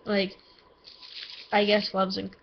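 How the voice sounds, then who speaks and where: A woman's voice: mid-range voice, completely flat delivery, slow, vocal fry, slight background noise. A teenage girl gives a book report for school, talking hesitantly with lots of ums and likes. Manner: hesitant, filler-heavy, with many ums and likes. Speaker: student. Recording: dull lo-fi recording with music behind.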